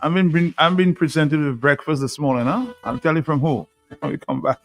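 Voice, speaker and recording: A man's voice: a little high, a little fast, faint music behind. A man hosting a radio show in a casual, chatty way, often laughing and tagging "huh?" onto his sentences.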